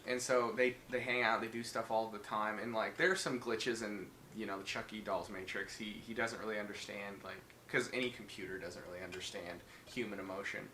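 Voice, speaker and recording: In a roomy recording with slight background noise, a man co-hosting a podcast talks through a horror movie in a fairly low, steady, pushed and bright voice. He rambles, swears a lot, uses many fillers, and briefly acts out characters in quick voices.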